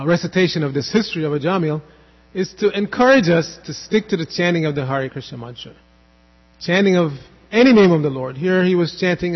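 A man's voice: on the high side, husky, in a large hall, dull audio. A man giving a devotional scripture class, explaining at length, wandering off on asides and chanting Sanskrit verses.

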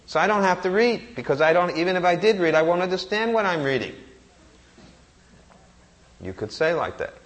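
A man's voice: high voice, expressive, normal speed, pauses often, fairly bright tone. A man giving a sermon, reciting Sanskrit verses and asking rhetorical questions that he answers himself. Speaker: preacher.

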